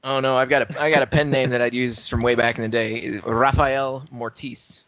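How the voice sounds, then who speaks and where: A man's voice: mid-range voice, fairly even intonation, fast, fairly bright tone, dry recording, highs cut off. A man on a casual podcast, teasing and quizzing the others with playful questions. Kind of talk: casual chat.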